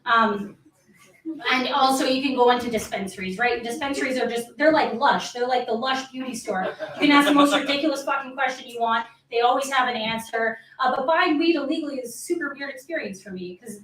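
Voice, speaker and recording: A woman's voice: high voice, fairly quick, a bit bright. A woman doing a casual, chatty stand-up set in a comedy club. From Canada. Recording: echoey club, distant mic, faint noise.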